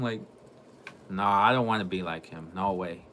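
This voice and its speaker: A man with a lowish, bright voice talks casually to his viewers about gaming. He rambles, repeats himself and often restarts mid-sentence. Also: fairly even intonation, unhurried, a little hiss or hum. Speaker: gaming vlogger. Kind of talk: casual monologue to camera.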